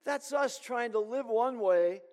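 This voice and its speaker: A man preaching a sermon as pastor, earnest and emphatic with deliberate pauses. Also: very high-pitched, a little mellow. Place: church sanctuary. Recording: long hall reverb.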